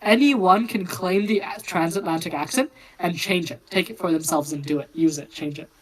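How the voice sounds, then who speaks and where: A woman explaining a topic in a casual group discussion, lively and chatty with fillers. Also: fairly low pitch, normal speed, rough recording. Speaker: discussion participant. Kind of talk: casual philosophical chat.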